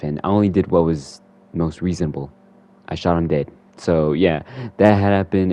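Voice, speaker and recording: A man's voice: deep voice, dark tone, highs cut off. A man who hosts a gaming channel, rambling casually through a recap of a game and filling his talk with "you know" and "like".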